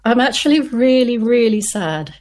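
A woman's voice: fairly high pitch, lively intonation, moderate pace, a little mellow. A woman crime novelist talking casually in an interview, chatty, often restarting her sentences and laughing.

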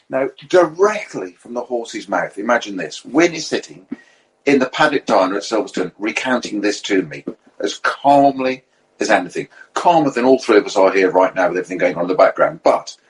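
A man telling lively anecdotes in a relaxed podcast chat, acting out the quotes in his stories. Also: on the low side, husky, rough recording. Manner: animated storyteller, acts out quotes.

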